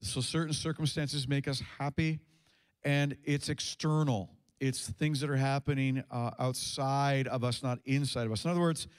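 A man preaching a sermon to a congregation, talking in a conversational way with fillers and restarts. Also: on the high side. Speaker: pastor. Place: church sanctuary with congregation.

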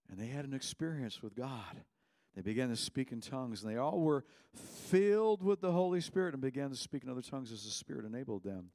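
A man preaching a sermon as pastor in a church, impassioned, swinging between loud cries and hushed words. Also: mid-range voice, very animated, fairly quick, dry recording, studio quality.

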